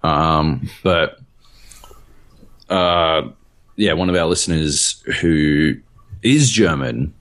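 A man's voice: a bass voice, extremely slow, pauses often, fairly bright tone. A man co-hosting a podcast, telling a rambling, profane story full of fillers in casual chat. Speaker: podcast co-host.

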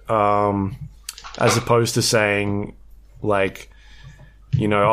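Hesitant low-voiced man. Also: fairly even intonation, fairly bright tone. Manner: hesitant, measured, many ums. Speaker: podcast co-host. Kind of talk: casual podcast chat.

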